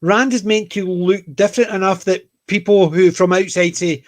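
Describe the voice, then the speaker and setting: A man's voice: high-pitched, steady tone, moderate pace, hardly any pauses. A Scottish man co-hosting a casual panel chat, rambling and jokey, full of anecdotes. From Scotland. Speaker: podcast co-host.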